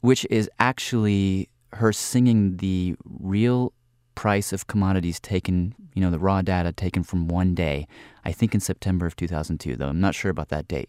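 A man with a low voice hosts a radio show. He introduces a documentary piece in a chatty, relaxed way, with fillers and small hedges, recorded close and dry in a studio. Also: no echo.

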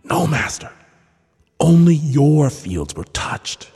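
A man's voice: a little high, sing-song, takes it slowly, creaky, dark tone, slightly rough, long reverb tail, soft background music, voice pushed up, full character voice. A man voicing a frightened male servant who cries out urgently with bad news.

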